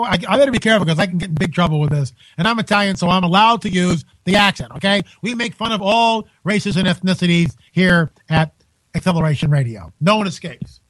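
A man hosting a live talk radio show from home, incredulous and animated, restarting his sentences often. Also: sits high, fast, poor audio.

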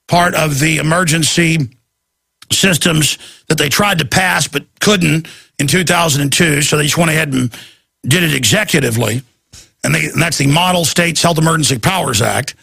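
A man hosting a talk radio show, ranting in an intense, rapid-fire, urgent way. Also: high-pitched, gravelly, sharp tone, no room sound, studio quality.

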